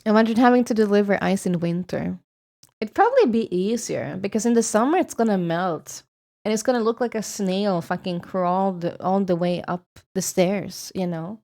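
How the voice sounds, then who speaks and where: A woman's voice: mid-range voice, expressive, normal speed, vocal fry, mellow. A young woman from Sweden with a Swedish accent, chatting casually with her stream viewers, swearing freely and laughing often.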